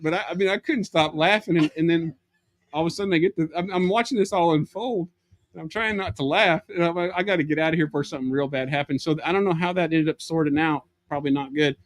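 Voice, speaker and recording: A man with a drawl spins a comic yarn, his voice sitting a little high and sounding close and dry. He keeps breaking into laughter as he tells it. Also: quick pace, dry recording. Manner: animated, laughs through his story. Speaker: guest. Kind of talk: comedic storytelling.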